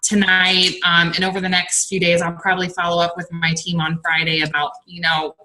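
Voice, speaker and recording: A woman coach offers her team help in a bright, forceful voice. She rambles a little but stays supportive and upbeat. Her pitch is on the low side. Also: monotone, fairly quick, a little hiss or hum, poor audio. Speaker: fitness coach. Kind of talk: casual team call.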